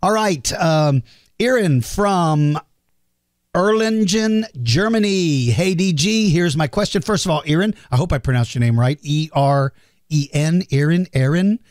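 Chatty self-deprecating man, slightly high voice. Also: expressive, a little slow, no echo, clean studio sound. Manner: chatty, self-deprecating, reads questions aloud. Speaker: podcast host answering listener questions. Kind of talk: casual Q&A monologue.

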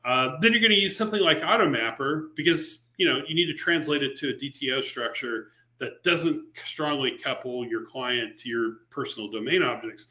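A man presenting a software library at a virtual user group meetup, talking casually with fillers, restarts and sarcastic asides. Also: a little high. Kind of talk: technical presentation on a live stream. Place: remote meetup talk over a video call.

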